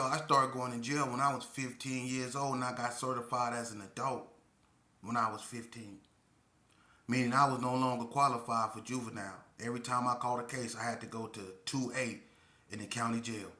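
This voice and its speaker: A man's voice: mid-range voice, level tone, normal speed, pushed and bright. A middle-aged man telling a story from his past in a casual, emphatic, streetwise monologue that turns preachy. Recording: echoey room.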